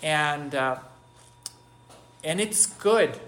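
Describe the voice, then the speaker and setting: A man preaching an informal spiritual meditation, halting often, restarting phrases and asking rhetorical questions. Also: on the high side, expressive, a bit bright, a little hiss or hum. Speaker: preacher giving a spiritual talk. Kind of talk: informal sermon, spoken meditation.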